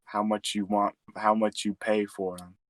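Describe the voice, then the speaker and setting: Deadpan joking man, low voice. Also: moderate pace, no room sound. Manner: deadpan joking, stubborn bargaining. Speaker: podcast co-host. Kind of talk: casual chat with friends.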